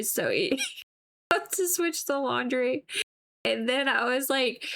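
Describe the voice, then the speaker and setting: A woman's voice: sits high, expressive, takes it slowly, vocal fry, long pauses, fairly bright tone. A woman chatting casually with her viewers on a live stream while she paints, rambling and breaking into giggles, with lots of "like" fillers.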